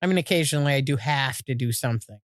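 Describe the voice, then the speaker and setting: A woman co-hosting a casual chat podcast, talking in animated bursts, swearing freely and acting out what people said. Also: a bass voice, rapid-fire, dry recording, studio quality. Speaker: podcast co-host. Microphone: podcast microphone.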